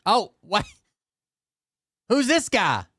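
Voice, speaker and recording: A man's voice: high-pitched, wildly swooping pitch, drawn-out words, bright, forceful tone, no room sound, clean studio sound. A man hosting, giving casual offhand reactions to videos, often muttering and trailing off. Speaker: host.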